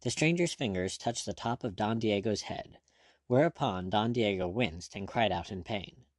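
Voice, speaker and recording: Male audiobook narrator, expressive storyteller, dry studio sound. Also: fairly low pitch, moderate pace, no echo. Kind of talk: scripted narration of an adventure novel.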